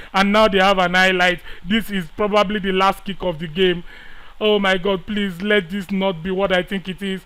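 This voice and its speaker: A man giving excitable live commentary over a football management game, swinging between quiet muttering and loud pleading outbursts. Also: high-pitched, smooth, rough recording. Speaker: gaming YouTuber.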